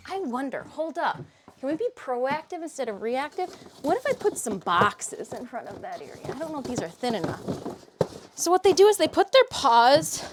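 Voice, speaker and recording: A woman's voice: high voice, noisy background. A woman live streaming, chatting casually, greeting viewers by name and grumbling about her cats.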